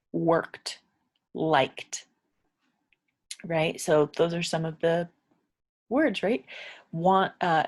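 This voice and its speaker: A woman teaching an English grammar lesson, patiently repeating example sentences and often checking in with "right?". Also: fairly low pitch.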